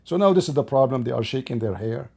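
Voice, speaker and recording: A man's voice: mid-range voice, animated, fast, creaky, dark tone, husky. A man delivering an opinionated commentary monologue, emphatic and scornful, firing off rhetorical questions in plain, broken grammar. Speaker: online commentator.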